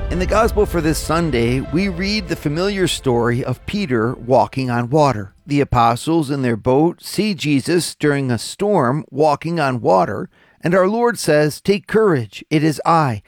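A priest delivers a measured gospel reflection in a somewhat high, gravelly voice. The sound is dry and close, with soft music faintly underneath. He speaks in the steady rhythm of a prepared homily and poses questions to his listeners. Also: dry recording.

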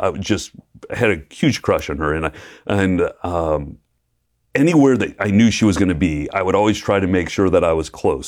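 A man, a preacher and guest, telling his faith story in a lively way, acting out quotes and laughing often. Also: low voice. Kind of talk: personal testimony in conversation.

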